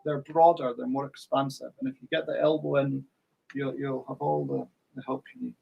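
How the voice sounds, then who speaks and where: A man's voice: medium pitch, flat delivery, a little fast, gravelly, slightly rough, highs cut off, faint music behind. A man teaching fiddle in an online workshop, patiently counting in and singing rhythms.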